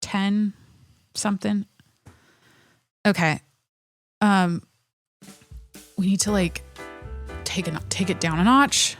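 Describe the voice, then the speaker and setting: A young adult woman hosting a solo podcast, ranting in an animated, profane way that keeps cutting itself off. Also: mid-range voice, slow, pauses often, soft background music. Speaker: podcast host.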